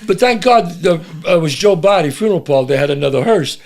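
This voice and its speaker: An older man with a New York accent, guesting on a studio podcast. His voice sits a touch high for a man and swings widely as he tells stories, and he swears freely while acting out other people's lines. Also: fast, creaky. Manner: animated, swearing, acts out characters' lines. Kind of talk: casual storytelling chat.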